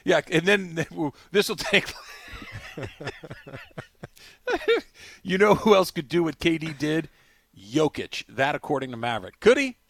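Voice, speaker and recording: A man's voice: on the high side, lively intonation, measured pace, pauses often, dry recording. A man co-hosting a sports talk show in casual, joking banter. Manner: joking, does comic Boston-accent impressions. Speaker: co-host.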